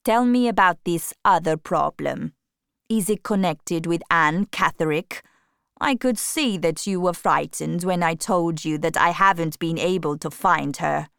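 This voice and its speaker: A woman reading an audiobook voices a sly, scheming count, an older man, speaking quietly and deliberately. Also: lowish voice, gravelly, clean tone, dry recording, studio quality. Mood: calm scheming.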